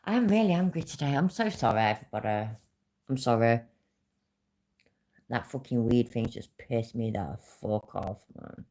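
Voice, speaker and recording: A woman's voice: very deep voice, expressive, normal speed, darkish tone. Swearing British woman ranting on stream. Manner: talks to chat viewers by name. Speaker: livestream host. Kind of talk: casual livestream rant.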